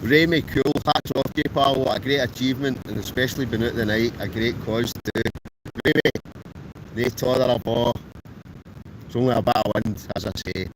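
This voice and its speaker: A man's voice: mid-range voice, a little fast. A Scottish man chatting on a live stream from inside a tent, greeting viewers by name in a cheerful, good-humoured way. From Scotland. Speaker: wild camper live-streaming. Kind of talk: casual live-stream chat reading viewer comments. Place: inside a tent outdoors in a storm. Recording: roaring storm wind, garbled robotic-sounding audio. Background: howling gale buffeting the tent.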